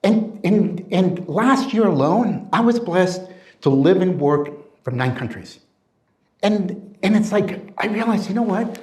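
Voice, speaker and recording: A middle-aged man gives a motivational talk in a high, lively voice that swings up and down a lot. He speaks with energy and acts out the people he quotes in playful voices. The sound is roomy and echoey. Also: measured pace. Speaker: career coach and speaker.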